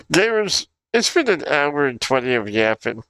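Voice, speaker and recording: A young man chatting on his livestream, laughing in disbelief as he talks. His voice sits a touch high and swings widely up and down, at an unhurried pace. The sound is close and dry. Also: a bit bright, no room sound. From Ottawa, Canada. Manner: giggly and incredulous, laughs through his words. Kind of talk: casual livestream chat reacting to videos.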